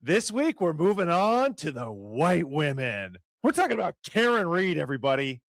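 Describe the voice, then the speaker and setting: A man's voice: fairly high pitch, big pitch swings, normal speed, no room sound. Mocking male podcast ranter, dry sound. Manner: mocking, exaggerated ranting. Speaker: podcast co-host. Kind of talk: comedic podcast rant.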